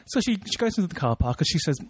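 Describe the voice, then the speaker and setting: A man's voice: high voice, big pitch swings, very fast, slightly rough, no echo. A young man co-hosting a podcast, chatting casually and telling rambling anecdotes with frequent laughs. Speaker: podcast co-host. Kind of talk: casual chat, storytelling.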